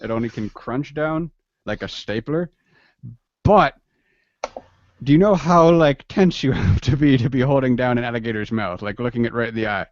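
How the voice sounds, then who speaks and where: A man's voice: medium pitch, moderate pace, muffled recording, slight background noise. A man chatting casually with a friend while playing a game, joking and rambling with frequent laughs.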